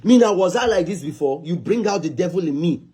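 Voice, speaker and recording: Angry Nigerian man, husky voice. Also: sits high, lively intonation, quick pace, mellow. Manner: angry, scolding, repetitive. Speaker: actor. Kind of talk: Nollywood drama acting.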